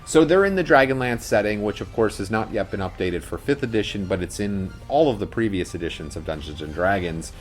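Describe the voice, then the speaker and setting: A man with a very low voice co-hosts a tabletop gaming podcast. His talk is casual and rambling, full of fillers and restarts, with faint music underneath. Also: expressive, brisk, hardly any pauses. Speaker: podcast co-host. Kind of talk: casual chat.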